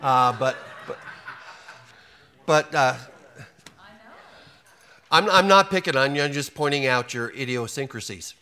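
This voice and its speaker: A man's voice: medium pitch, measured pace, pauses often, pushed and bright, clean tone. A man preaching a sermon to a congregation, folksy and joking, acting out quotes and often restarting his sentences. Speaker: pastor.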